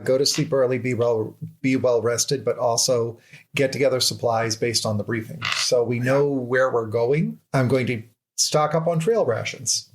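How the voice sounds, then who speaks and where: A man playing in a tabletop game, speaking in a measured, earnest way. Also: mid-range voice, rough recording. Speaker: player. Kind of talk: casual tabletop game play.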